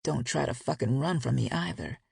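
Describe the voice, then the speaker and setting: A woman voicing a gruff, teasing grown man who speaks in a husky, growling tone. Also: animated, normal speed, a little mellow, dry recording, clean studio sound, heavily acted. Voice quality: low and husky. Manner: growling, rough-edged banter.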